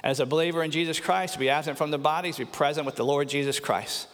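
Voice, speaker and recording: A man preaching in a church sanctuary. His voice sits a little high for a man, and long reverb trails after each phrase. His delivery is earnest, and he slows down to stress key points. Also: steady tone, a bit bright. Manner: earnest preaching, slows for emphasis, repeats words. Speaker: pastor. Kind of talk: sermon.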